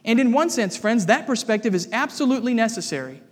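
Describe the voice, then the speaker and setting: Male pastor, sermon delivery, higher voice, deliberate emphasis, church reverb. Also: lively intonation, husky. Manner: measured, emphatic preaching with repetition.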